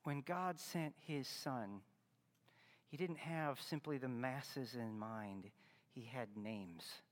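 In a spacious room, a man of medium pitch preaches slowly on Christmas. As a pastor, he is sincere and didactic, rising to stress the words that matter most.

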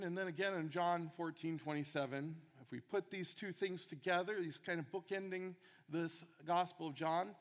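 A man's voice: a little high, a bit bright, big-room sound. A man preaching a sermon, earnest and emphatic, repeating key phrases for weight.

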